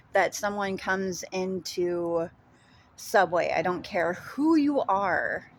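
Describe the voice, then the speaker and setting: A woman with a Minnesota accent chatting casually in a vlog, rambling with lots of ums and casual swearing. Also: mid-range voice. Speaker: vlogger. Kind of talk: casual chat.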